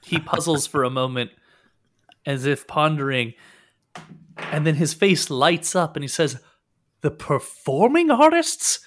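Relaxed male game master. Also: on the high side, measured pace, pauses often. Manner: relaxed, loosely improvised description. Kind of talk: narrating a tabletop game.

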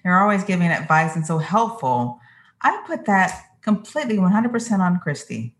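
An enthusiastic woman hosts a podcast interview in a casual chatty way. She affirms her guest warmly and often. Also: fairly low pitch, very animated, moderate pace. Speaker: podcast host.

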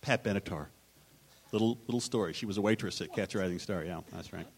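A man's voice: sits low, quick pace. Rambling man telling a story. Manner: rambling, self-interrupting, acts out quotes. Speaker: guest writer on a panel. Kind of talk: anecdotal panel talk. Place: live festival panel.

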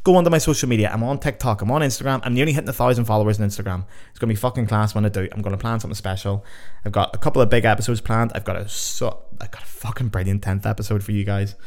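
A man's voice: on the low side, steady tone, racing, hardly any pauses, a little mellow. Chatty, swearing Irish man. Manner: chatty, swears freely, rambling. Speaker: podcast host. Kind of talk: casual solo podcast chat.

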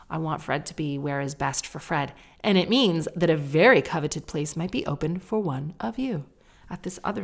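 A low-voiced woman in her thirties hosts a casual podcast monologue. She tells candid, chatty stories, leaps up in pitch and loudness for emphasis, and acts out the other people in her anecdotes. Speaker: podcast host.

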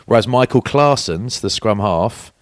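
A man's voice: lowish voice, lively intonation, unhurried, no room sound, clean studio sound. A man in his forties, co-hosting a podcast in casual chat, telling anecdotes and acting out quoted voices. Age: 40s. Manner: chatty storyteller, acts out quoted voices. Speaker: podcast co-host.

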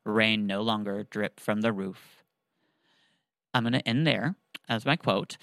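A man's voice: lowish voice, measured pace, a bit bright, smooth, no room sound, low-quality recording. Rambling man retelling a story. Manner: rambling, filler-heavy. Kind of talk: casual storytelling chat.

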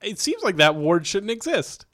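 A man's voice: sits high, big pitch swings, normal speed, a bit bright, no room sound, studio quality. A man, a comedian, chatting casually in a blunt, teasing way. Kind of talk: casual chat.

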